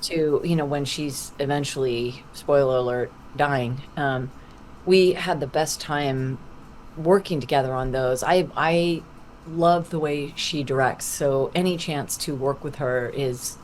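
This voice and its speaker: A middle-aged woman, a voice actor, being interviewed on a podcast over a video call, telling animated stories full of acted-out quotes. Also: very deep voice, a little slow, slight background noise. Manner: lively anecdotal storytelling with acted-out quotes. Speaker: voice actor guest.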